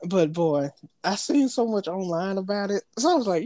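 A man's voice: sits high, lively intonation, brisk, a little mellow, no echo. A man co-hosting a podcast, talking loosely in slang and laughing often as he tells stories. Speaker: podcast co-host. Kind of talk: casual chat.

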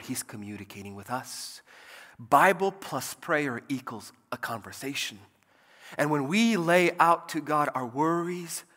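Lively preacher man in a reverberant church. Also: medium pitch. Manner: lively, jokey preaching with swings between loud emphasis and quiet asides. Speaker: pastor. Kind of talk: sermon.

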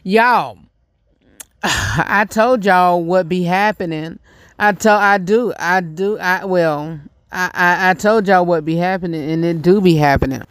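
A man's voice: high-pitched, measured pace, a bit bright, clean tone, dry recording. A man from North Carolina with a Southern accent, chatting casually as host of his own show, repeating himself and laughing often. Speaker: podcast host. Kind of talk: casual solo chat.

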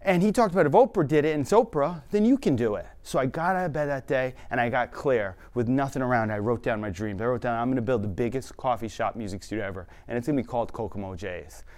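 A young man telling his own life story quickly and earnestly, with now and then a self-aware laugh. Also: medium pitch, darkish tone. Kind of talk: personal storytelling talk.

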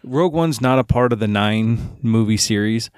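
A man's voice: medium pitch, normal speed, smooth, dry recording, studio quality. A man co-hosting a podcast in casual chat, telling stories in a loose, rambling way. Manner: rambling, with restarts and fillers. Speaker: podcast co-host.

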